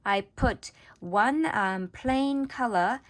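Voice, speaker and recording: A woman's voice: a little high, drawn-out words, a bit bright. A woman vlogger casually walking through her handmade craft pieces in a chatty, enthusiastic way, with frequent ums and small restarts. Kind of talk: casual show-and-tell narration.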